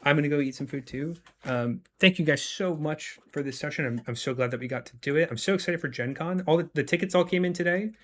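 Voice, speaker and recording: A man's voice: on the high side, quick pace, few pauses. A man with a sick voice, casually chatting as game master, rambling with many fillers. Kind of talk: casual chat.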